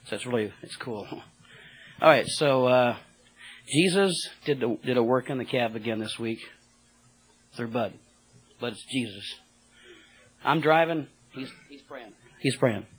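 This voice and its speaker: Husky-voiced male cab driver, rambling church testimony, excited, filler-heavy. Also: mid-range voice, unhurried, pauses often, rough recording.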